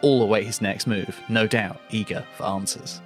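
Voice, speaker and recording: Podcast guy reading a goofy script out loud, stumbles on clunky lines, faint music underneath. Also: on the low side, fairly even intonation, moderate pace. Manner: dry read-aloud, stumbling over awkward phrasing. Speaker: podcast co-host. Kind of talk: reading an AI-written script aloud for comedy.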